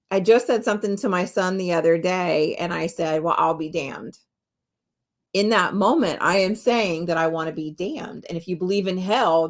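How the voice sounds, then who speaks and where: Candid, chatty woman with a lowish voice. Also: vocal fry. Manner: chatty and candid, swears freely, laughs often. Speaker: podcast host and spiritual medium. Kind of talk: casual solo podcast talk.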